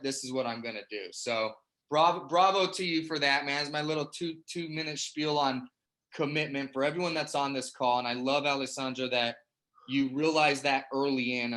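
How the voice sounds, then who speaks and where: A man with a mid-range, slightly bright voice hosts a sales testimonial call on an online group call. He's enthusiastic and full of praise, running an energetic pep-talk interview and ending phrases with "man" a lot.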